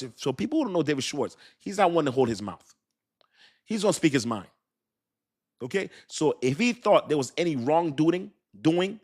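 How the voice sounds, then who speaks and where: A man hosting a live crypto commentary stream, talking emphatically and repeating his points to the viewers. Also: medium pitch. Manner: emphatic, repetitive, talks straight to the viewers. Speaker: crypto channel host.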